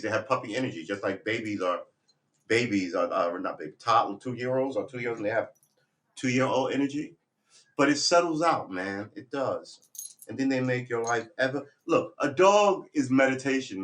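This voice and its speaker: A man's voice: medium pitch, lively intonation, normal speed, fairly bright tone. A man rambling casually on a live stream, talking to viewers and to his puppy, switching to firm commands.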